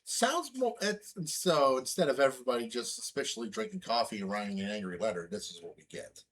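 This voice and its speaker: A man's voice: mid-range voice, animated, brisk, fairly bright tone, husky. A man co-hosting a casual podcast, joking and teasing in playful banter. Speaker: co-host.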